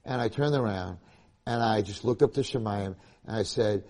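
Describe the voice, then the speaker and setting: A man giving a Torah lecture to a live audience, telling stories with animated, rising emphasis. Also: on the low side, normal speed. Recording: lecture hall with long reverb.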